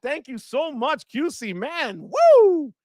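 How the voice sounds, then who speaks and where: A man hosting a live stream, excitedly thanking viewers one by one and often shouting out a cheer. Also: sits high, normal speed, no echo, clean studio sound. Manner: enthusiastic, shouts "wepa" often. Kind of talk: live stream super chat shout-outs.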